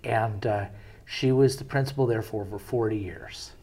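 A man with a husky, slightly rough voice hosting an interview. He tells stories in a loose, rambling way, with plenty of asides and fillers. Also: fairly low pitch, normal speed, a little mellow. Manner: conversational storyteller, rambling with fillers. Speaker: interview host and parent. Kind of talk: interview conversation.

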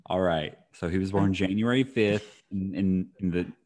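A man's voice: low voice, moderate pace, darkish tone. A young man co-hosting a casual podcast, dry and wisecracking. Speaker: podcast co-host.

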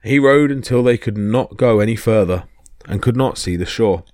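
A man's voice: fairly low pitch, moderate pace, dry recording, clean studio sound. A man narrating myths as a podcast storyteller, reading expressively. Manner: expressive reading that voices each character.

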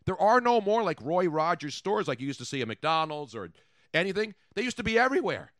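A man hosting a podcast in casual comedic chat, rambling and animated as he tells stories. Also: sits high, a little fast, no room sound. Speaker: podcast host.

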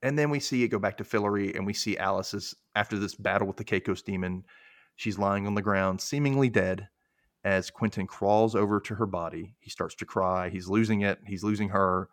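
A man's voice: lowish voice, a little fast, dry recording, clean studio sound. A young man hosting a podcast, casually recapping a TV episode and acting out characters' lines in exaggerated voices. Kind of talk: casual chat.

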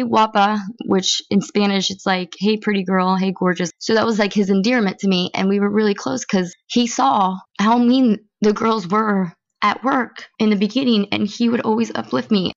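A woman's voice: medium pitch, creaky, highs cut off. A woman hosting a podcast, talking through her feelings in a blunt, emotional monologue and swearing freely. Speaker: podcast host. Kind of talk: candid personal monologue.

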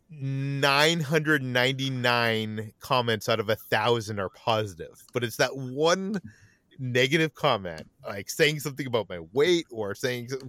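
A man hosts a casual podcast chat. He talks in a relaxed, conversational way and hedges often. The recording is dry and close. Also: medium pitch, no room sound. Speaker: podcast host.

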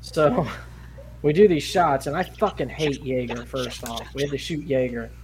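A man's voice: medium pitch, measured pace, a crowd in the background. A man on a podcast telling a rambling, profane story and laughing along as he goes. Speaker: podcast co-host. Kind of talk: casual podcast chat.

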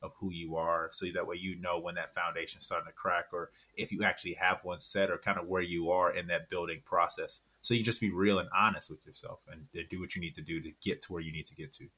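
A man's voice: low voice, steady tone, quick pace, hardly any pauses, pushed and bright, husky. A man in his thirties talking earnestly in a casual podcast chat, rambling and repeating words as he acts out little quotes. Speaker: podcast guest author.

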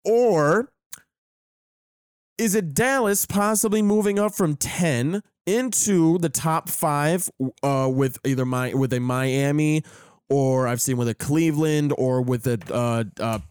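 A fairly high-voiced man chatting casually about sports on a podcast. He sounds animated, laughs a lot and stumbles over his restarts. The sound is close and dry. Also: unhurried, clear, resonant tone, no echo. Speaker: podcast co-host.

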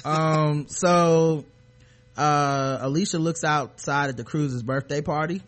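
A male podcast host recaps a TV episode in casual chat, animatedly retelling scenes with plenty of profanity and acting out the quotes. His voice is a little high, and he takes things slowly.

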